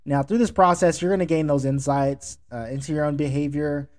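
A man's voice: a little high, steady tone, brisk, a little mellow. Earnest man giving leadership advice. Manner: conversational, earnest, with fillers and rhetorical "right?". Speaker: podcast host. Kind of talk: solo motivational talk on leadership.

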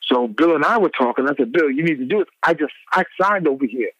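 A middle-aged man, a former radio DJ, telling animated stories in an interview and acting out the people he quotes. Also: quick pace, no echo, dull audio. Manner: acts out quoted people with big pitch swings.

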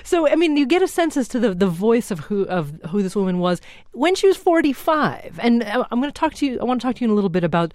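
A woman's voice: on the high side, very animated, quick pace, hardly any pauses, darkish tone, no echo. A woman hosting a public radio interview in a studio, talking conversationally with some fillers and restarts. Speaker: radio show host.

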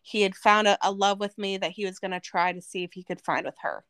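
A woman's voice: medium pitch, steady tone, quick pace, fairly bright tone, dry recording. Earnest woman from Arizona telling her story. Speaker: podcast guest. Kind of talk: personal testimony in conversation.

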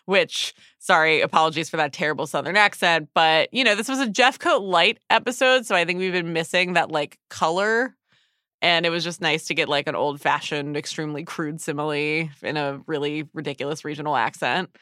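A podcast co-host talking through a TV episode in casual chat. The voice is bright and forward, animated, and full of "like". It is recorded close and dry with no room sound. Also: mid-range voice, brisk, no echo. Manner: chatty, animated, peppered with "like".

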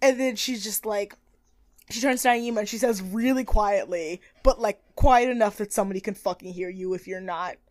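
A young woman co-hosting a casual recap chat, animated, acting out quotes in high voices and swearing freely. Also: normal speed, no echo. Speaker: podcast co-host.

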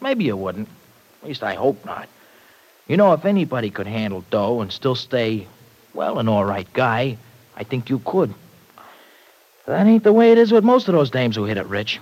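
A man's voice: mid-range voice, very animated, normal speed, long pauses, darkish tone, low-quality recording. A slangy tough young guy. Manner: slangy tough-guy talk, dropped grammar. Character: tough streetwise young working-class man. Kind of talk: 1940s radio acting. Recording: old radio broadcast recording.

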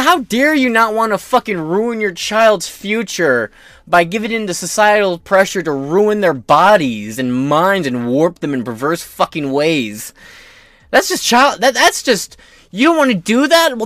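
A man's voice: high voice, fairly bright tone, no echo. A man hosting a podcast, ranting in crude, profane, sarcastic political commentary into a close mic. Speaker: podcast host.

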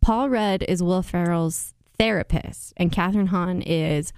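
A woman chatting casually about movies and shows as a podcast co-host, animated and chatty. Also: lowish voice, measured pace, smooth, dry recording, clean studio sound. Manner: animated, chatty, exaggerated impressions. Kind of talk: casual pop-culture chat.

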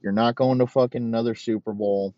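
A man's voice: medium pitch, steady tone, a little fast, no echo. A man hosting a show, delivering a rambling, profane comedic rant full of mock outrage and heavy swearing. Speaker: podcast host. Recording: dull, dry lo-fi recording.

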